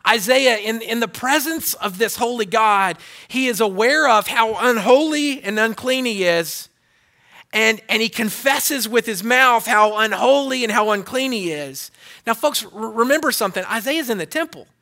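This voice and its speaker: Male preacher with a high, bright voice, delivering a sermon with builds and hushed drops. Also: expressive, moderate pace, gravelly. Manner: preaching with repetition, rising to loud emphasis and dropping to hushed tones. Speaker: pastor.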